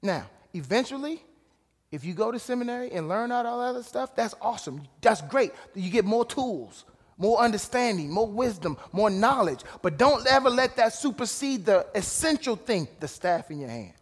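A man preaching a sermon, casual and direct, dropping to low asides and rising to shouted emphasis. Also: very animated, moderate pace. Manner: casual, calls out to listeners. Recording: long hall reverb.

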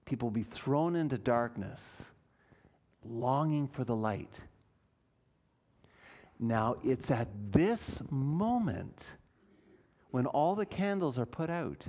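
A man, preaching a sermon as a pastor in a conversational way, with fillers and dramatic pauses. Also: a little high, expressive.

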